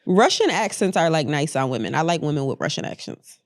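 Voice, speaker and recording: A woman co-hosting a podcast in casual chat, talking in an animated, emphatic way. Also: low voice, a little fast, no room sound, studio quality. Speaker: podcast co-host.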